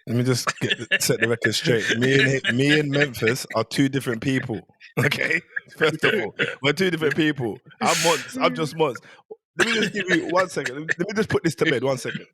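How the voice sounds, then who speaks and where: A man's voice: mid-range voice, brisk, sharp tone, slightly rough, no room sound. A man on a football podcast panel, joking and bantering in a casual chat.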